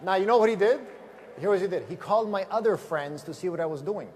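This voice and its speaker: A man giving a motivational seminar talk to a live audience, telling lively stories and asking the room questions. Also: high-pitched, fast, slight background noise. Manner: energetic storyteller, asks the audience questions. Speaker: business trainer.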